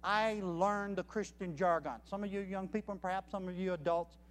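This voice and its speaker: A man's voice: high voice, fairly even intonation, fairly quick, big-room sound. A man preaching a sermon as a missionary, emphatic and counting off his points one by one.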